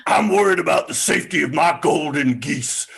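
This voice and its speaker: A hulking, grumpy giant rumbles out his words slowly and heavily, as a man puts on the voice for an improv scene. The tone is gravelly and a little husky, with a hard, bright edge when he bellows. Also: heavily acted. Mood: grumbling. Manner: booming, slow and menacing. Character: huge grumpy male giant who owns a mill.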